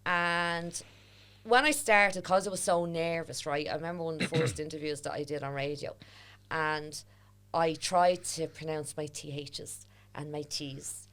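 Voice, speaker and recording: A woman's voice: deep voice, fairly even intonation, a little slow, a bit bright. A woman with a Dublin accent, a historian and author, chatting as a podcast guest and retelling stories with quoted voices. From Ireland. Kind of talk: casual podcast conversation.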